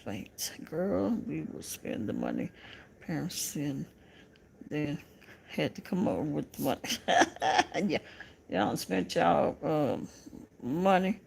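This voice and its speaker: Southern woman host, creaky gravelly voice, unhurried, chatty live-chat banter with lots of laughter. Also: low voice, big pitch swings, slight background noise. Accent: Southern American. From American South. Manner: laughs often, teasing and chatty with viewers. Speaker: livestream host reading viewer comments.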